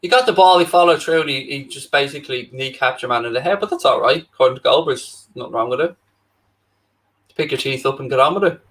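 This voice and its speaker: A man's voice: mid-range voice, quick pace, fairly bright tone, poor audio. Guy doing dry teasing banter over a football match, middling voice. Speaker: co-host of football watchalong. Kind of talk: casual chat over a live match.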